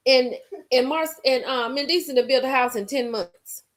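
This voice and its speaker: A woman's voice: high-pitched, normal speed. A woman hosting a live stream, chatting casually and emphatically with her viewers, repeating lines for effect. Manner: animated, talks straight to viewers reading the chat.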